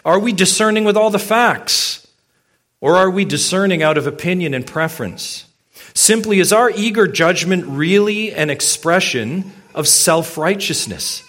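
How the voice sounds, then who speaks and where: A man's voice: sits high, lively intonation, measured pace, fairly bright tone. Emphatic male pastor preaching. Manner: emphatic, asks many rhetorical questions, addresses congregation directly. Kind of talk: sermon.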